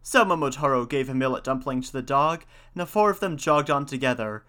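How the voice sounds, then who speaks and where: Bright-voiced man telling a folk tale. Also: medium pitch, a little fast. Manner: folksy, old-fashioned telling. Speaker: storyteller. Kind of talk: storybook narration.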